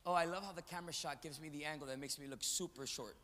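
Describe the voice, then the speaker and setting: Guy preaching in a big church, high voice, cracks jokes, gets the crowd to talk back, long echo in the hall. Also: quick pace, bright, forceful tone, a little hiss or hum. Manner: joking, call-and-response with the crowd. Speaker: guest preacher. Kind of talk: energetic sermon. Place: church sanctuary, large indoor.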